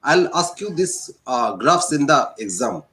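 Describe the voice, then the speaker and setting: A male teacher with an Indian English accent, slowly explaining a physics lesson and repeating key points. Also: mid-range voice, sing-song, a bit bright. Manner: slow, repetitive explaining. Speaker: science teacher.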